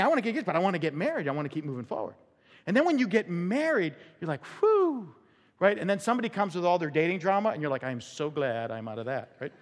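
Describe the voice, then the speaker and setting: Animated man preaching in a reverberant hall. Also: high voice. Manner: animated, conversational preaching with acted-out quotes and laughs. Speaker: pastor. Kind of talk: sermon. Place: church sanctuary. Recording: long church hall reverb.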